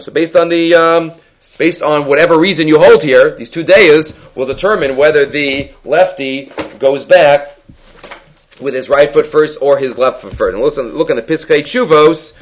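A man teaching a Talmud class, quickly explaining texts and asking questions aloud. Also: a little high. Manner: quick, animated, mixes Hebrew and Aramaic terms into English explanation. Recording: lo-fi muffled recording.

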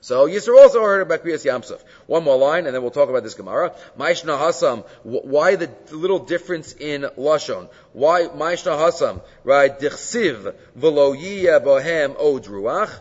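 Male Talmud teacher, slightly higher voice, explanatory lecture style mixing Hebrew terms into English, dull lo-fi recording. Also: animated, moderate pace, hardly any pauses, a little mellow, breathy edge. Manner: explains texts, frequent rhetorical "right?". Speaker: Torah teacher. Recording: dull lo-fi sound with long hall reverb.

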